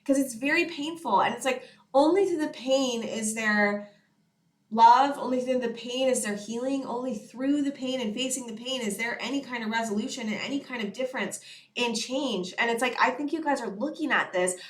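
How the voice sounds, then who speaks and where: In a reverberant recording, a young woman with a slightly high voice gives her viewers an earnest tarot reading at a moderate pace. She rambles casually through the channeled reading, often saying "you know" and "it's like."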